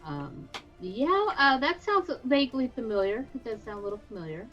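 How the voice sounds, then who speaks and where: A woman's voice: a little high, big pitch swings, moderate pace, dull audio, faint music behind. A woman playing in a tabletop game, playful and a bit hesitant. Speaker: player.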